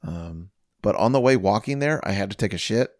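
A man's voice: fairly low pitch, expressive, brisk, no room sound, clean studio sound. A man co-hosting a podcast in casual chat, rambling with lots of "like" and "um" and casual swearing. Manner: rambling, filler-heavy, profane. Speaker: podcast co-host.

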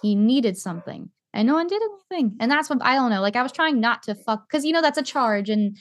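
Young woman, casual storyteller, swears freely, quick delivery. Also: on the high side. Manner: animated, swearing, acts out quotes. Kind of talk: casual chat.

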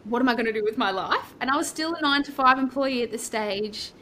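Bright, chatty Australian woman. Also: a little high, quick pace, slight background noise. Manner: chatty, rambling, acts out her own past thoughts. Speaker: podcast guest, property coach. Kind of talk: casual storytelling interview.

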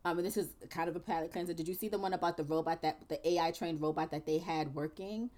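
A woman's voice: on the low side, fast talker. A woman co-hosting a podcast in casual chat, telling stories with lots of animation and laughter. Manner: animated storyteller, laughing often. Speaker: podcast co-host.

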